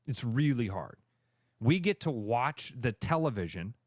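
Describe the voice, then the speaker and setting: A male sports radio co-host in casual chat, animated, acting out fans' reactions in quick voices. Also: mid-range voice, dry recording, studio quality.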